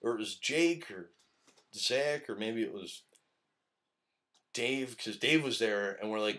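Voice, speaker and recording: Male podcast host, mid-pitched voice, loose profane storyteller who laughs a lot through his tale. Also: a little slow, long pauses, bright, forceful tone. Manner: profane, rambling, laughs often. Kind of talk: casual storytelling chat. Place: live-streamed podcast.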